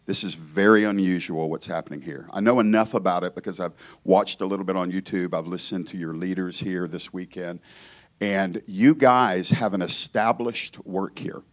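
Man, from Georgia, guest preacher in a church, lowish voice, casual joking sermon. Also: fairly even intonation, moderate pace. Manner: conversational, joking, self-interrupting. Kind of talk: informal sermon.

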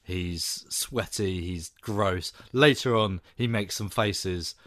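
A man in casual film chat, chatty and quick to laugh, often trailing off mid-sentence. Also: sits low, a bit bright, no echo, studio quality. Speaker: podcast co-host.

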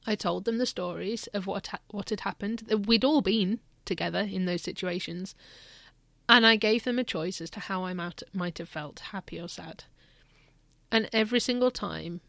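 A woman's voice: mid-range voice, vocal fry, a bit bright, no room sound. A woman and mother telling a candid, reflective personal story in a casual parenting vlog.

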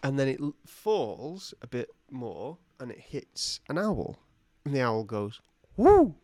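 A man co-hosting a podcast, improvising a playful comic story with sudden loud silly voices. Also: mid-range voice, sing-song, unhurried, no room sound, clean studio sound. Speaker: podcast co-host.

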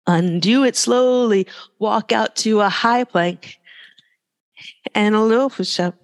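A yoga teacher giving live cues in a studio with a long reverb tail. The speech is casual and joking between breath and pose counts, at a mid pitch. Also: slow. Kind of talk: live class instruction.

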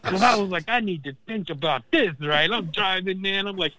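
Profane, animated man, high voice. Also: normal speed, no room sound, low-quality recording. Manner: animated, profane, says man and dude constantly. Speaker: phone-in guest. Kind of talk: casual storytelling chat. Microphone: phone line.

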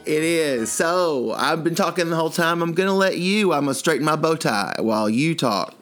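A man's voice: a little high, normal speed. Rambling older man, chatty podcast host. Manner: rambling, animated storytelling with many restarts. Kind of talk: casual chat.

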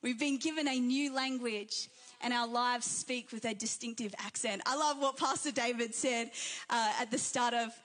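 A woman delivers a church sermon in a high, bright register. She preaches with fervour, stacking repeated phrases into a rising, rhythmic cadence. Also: fairly even intonation, moderate pace. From Australia and New Zealand. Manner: fervent, repetitive preaching cadence.

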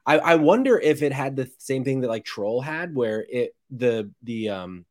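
A man's voice: medium pitch, expressive, moderate pace. A man co-hosting a casual podcast, musing about a film in a wry, offhand way. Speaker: podcast co-host.

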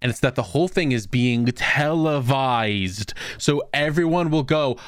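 A man's voice: medium pitch, unhurried, few pauses, smooth, no echo, studio quality. A young man co-hosting a podcast in casual chat, ranting and exasperated, swearing often. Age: young adult. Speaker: podcast co-host.

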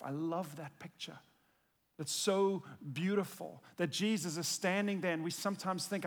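A man preaching with a heartfelt delivery that drops to hushed tones and rises to emphatic peaks. His voice sits a little high. The sound rings with the long reverb of a large hall. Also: moderate pace. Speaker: pastor. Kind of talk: sermon.

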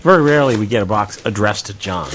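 Man, podcast host, playful, quick jokes, faint noise behind. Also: on the low side, animated. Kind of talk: casual banter.

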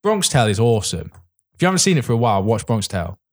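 A man's voice: mid-range voice, very animated, rapid-fire. Rambling, swearing podcast man. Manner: swears casually, rambling with many fillers. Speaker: podcast co-host. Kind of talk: casual chat.

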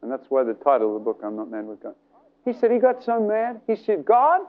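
Animated male preacher, tinny sound. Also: fairly high pitch, a little fast. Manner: animated storytelling, acts out voices. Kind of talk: sermon with retold story.

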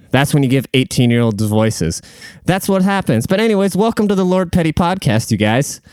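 A man's voice: on the high side, very animated, normal speed, a little mellow, clean tone, no echo, clean studio sound. A man hosting a casual solo podcast from a room at home, rambling bluntly and swearing freely. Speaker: podcast host.

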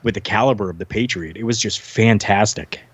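A man's voice: on the low side, fairly quick, breathy edge, dry recording. Rambling Canadian man telling stories. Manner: rambling, many fillers and restarts. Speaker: guest, former pro wrestler. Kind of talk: casual storytelling. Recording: dull lo-fi sound.

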